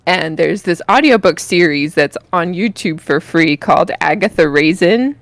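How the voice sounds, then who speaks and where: A woman's voice: on the low side, lively intonation, moderate pace, dry recording. A woman from Texas with a Texan accent tinged with British sounds, co-hosting a podcast in a chatty, rambling way and laughing often. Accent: Texan with some British influence. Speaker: podcast co-host. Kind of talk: casual chat.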